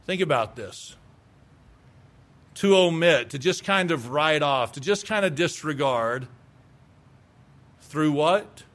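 Middle-aged male pastor, high-pitched, emphatic sermon delivery that acts out quoted replies. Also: lively intonation, slow pace, pauses often, fairly bright tone.

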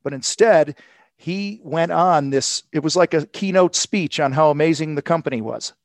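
Animated storytelling man, dry sound. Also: fairly high pitch, normal speed, no room sound. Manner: animated storytelling, acts out quotes. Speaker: sales coach guest. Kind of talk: casual podcast conversation.

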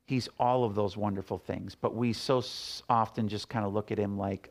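A man's voice: on the low side, steady tone, moderate pace, few pauses. Conversational middle-aged male pastor. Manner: conversational, storytelling with acted quotes. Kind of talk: sermon.

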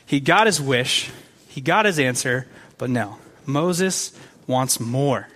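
A man's voice: medium pitch, expressive, slow, fairly bright tone. A man preaching a casual, conversational sermon with enthusiasm, full of fillers and repeated words.

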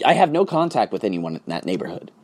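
A man ranting casually and profanely to his viewers, swinging between loud outbursts and hushed asides. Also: lowish voice, very animated, fast. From United States. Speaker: vlogger and online teacher. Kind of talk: casual profane rant to camera.

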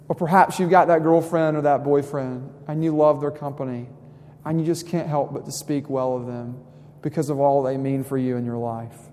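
A young man preaching a sermon. He talks in a conversational way, drops to soft asides and then rises into emphasis. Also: mid-range voice, fairly even intonation, brisk. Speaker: pastor. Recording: long hall reverb.

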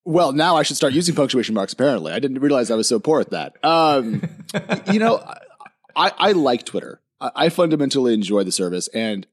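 A man appearing as a podcast guest, talking energetically with self-deprecating, quick asides. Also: medium pitch, sing-song. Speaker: guest, tech journalist. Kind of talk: casual podcast chat. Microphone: headphones on, podcast mic.

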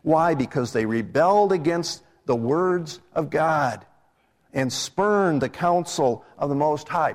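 A middle-aged minister preaches a live sermon in a church sanctuary, speaking conversationally and putting questions to his congregation. His voice is fairly high with lively intonation and a slow pace. The live church recording carries a long hall reverb.

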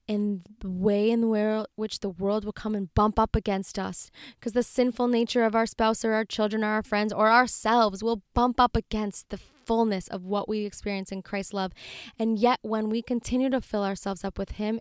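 A woman in her thirties speaks earnestly on her faith podcast. Her voice is smooth and resonant, with a tender, heartfelt delivery. It is recorded dry and close, with no room sound. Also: mid-range voice, a little mellow, dry recording. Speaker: podcast host.

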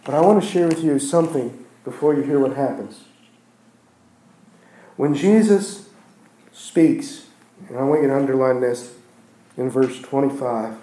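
A man preaching a sermon in a church. He builds phrases with repetitions and restarts, and swings from loud emphatic peaks down to near-hushed passages. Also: medium pitch, measured pace, pauses often. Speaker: pastor. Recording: echoey room.

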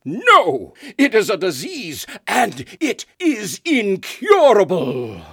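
A woman's voice: medium pitch, huge pitch swings, slow pace, fairly bright tone, slightly rough, no echo, exaggerated voice. A woman acts out a stiff male theater critic gone helplessly theatrical, lurching between confiding asides and grand declamations. The voice leaps wildly up and down, and it sits close and dry with no room around it. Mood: earnest. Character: stiff, reserved male theater critic turned melodramatic ham. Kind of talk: radio drama acting.

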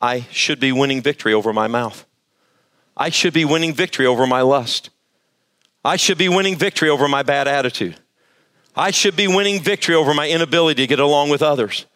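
A pastor preaching to a live church service, emphatic and quizzing the congregation for answers. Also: male voice, on the high side, a bit bright. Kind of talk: sermon.

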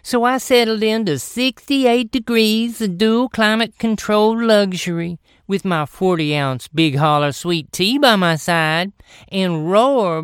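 A woman spins a folksy comic yarn, stretching out the dramatic beats. Her voice is smooth and clear. It sounds dry, with no room echo. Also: mid-range voice. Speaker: comic storyteller. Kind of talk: folksy comedic storytelling.

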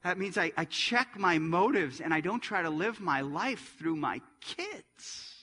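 A middle-aged man preaches in a church, his bright, ringing voice sitting slightly high. It swings between loud, forceful passages and hushed, quiet ones. A long reverb trails every phrase. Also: lively intonation, a little slow, breathy edge. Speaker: pastor. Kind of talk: sermon.

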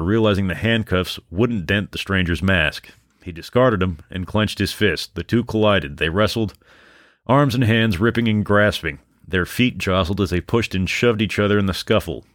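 A man's voice: sits low, no room sound, studio quality. A man hosting a podcast, reading a true crime account dramatically and breaking in with wry asides. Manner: reads a book passage dramatically, with wry asides. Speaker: podcast host.

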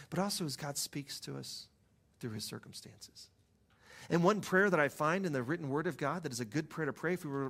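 Soft-spoken pastor, storytelling. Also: male voice, fairly high pitch, creaky, husky. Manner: conversational storytelling, soft and hushed at times. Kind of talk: sermon.

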